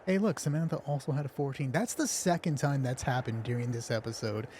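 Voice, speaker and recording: A slightly nervous man game-masters a tabletop game on a live stream from home, headphones on. His mellow mid-range voice moves a little fast against slight background noise. He chats, jokes and mocks himself.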